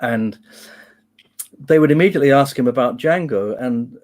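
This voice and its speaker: A guest musician on a video call reminisces casually, telling stories with many restarts and quoting other people. His voice is medium in pitch and darkish in tone, at a moderate pace.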